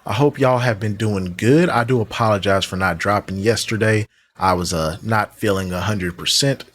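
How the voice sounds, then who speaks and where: A man hosting a reaction commentary show, talking in a casual, slangy way that turns exasperated and mocking. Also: on the low side. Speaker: commentary channel host.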